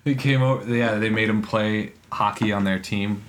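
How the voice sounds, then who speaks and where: A man co-hosting a podcast in casual chat, rambling and halting, often breaking into laughs. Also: lowish voice, steady tone, a little hiss or hum. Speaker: podcast co-host.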